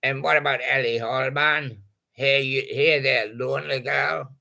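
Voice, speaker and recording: A male host with a very gravelly, heavily creaky voice that is also strikingly bright and forceful. He takes his time, drawling through jokey puns on old song titles. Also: medium pitch, fairly even intonation, a little slow. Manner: punning, jokey, chuckles at his own gags. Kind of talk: playful patter about old song titles.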